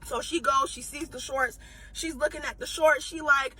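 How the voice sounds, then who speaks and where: A woman's voice: high voice, steady tone, normal speed, pushed and bright. A woman retail worker telling a blunt, exasperated story and swearing for a storytime video.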